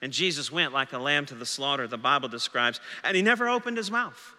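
A man's voice: mid-range voice, expressive, a little fast, bright, forceful tone, big-room sound. A male senior pastor preaching a dramatic sermon, acting out the anxious questions of doubting disciples. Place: church sanctuary.

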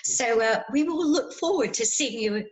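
A woman's voice: fairly high pitch, animated, moderate pace. A woman hosting a casual interview, asking friendly, brief questions. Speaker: interview host.

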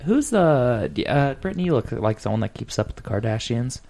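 A man's voice: mid-range voice, big pitch swings, vocal fry, darkish tone. A man hosting a podcast, telling rambling stories in casual chat and slipping into voices. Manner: rambling, quick storytelling, puts on voices. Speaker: podcast host.

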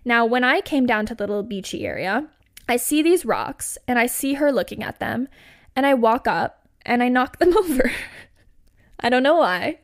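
A woman's voice: fairly high pitch, animated, moderate pace. Chatty young woman telling a story. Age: 20s. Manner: chatty, laughing, lots of "like". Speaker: podcast host. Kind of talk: casual storytelling.

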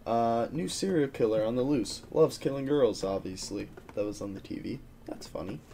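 A man's voice: mid-range voice, normal speed, vocal fry, mellow, a little hiss or hum. A young man co-hosting a casual pop-culture podcast, rambling loosely and swearing offhand. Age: young adult. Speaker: podcast co-host.

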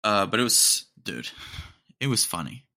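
Young man, podcast host, unhurried delivery, sarcastic, rambling, chuckles at his own jokes. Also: on the low side, sing-song, creaky, sharp tone. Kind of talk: casual comedic monologue.

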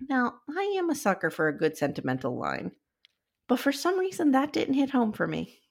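Lively woman recapping a show. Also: fairly high pitch, normal speed, creaky. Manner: animated storytelling, recapping scenes with quoted lines. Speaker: podcast co-host. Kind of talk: casual chat.

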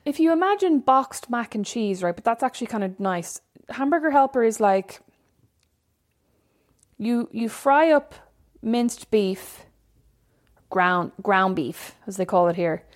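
A woman's voice: fairly high pitch, animated, measured pace. A woman co-hosting a casual chat, rambling and storytelling. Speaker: podcast co-host. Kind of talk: casual chat between sisters.

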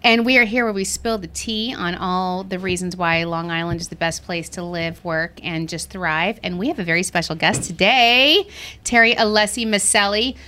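Bright-voiced bubbly woman host. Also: lowish voice. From Texas. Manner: bubbly, fast, laughs often. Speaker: podcast co-host. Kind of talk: casual chat.

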